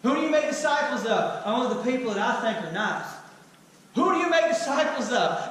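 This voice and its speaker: A man's voice: very high voice, animated, brisk, fairly bright tone, slight background noise. A man preaching a sermon as pastor, firing rhetorical questions with touches of humor. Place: church sanctuary. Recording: echoey hall, mic at a distance.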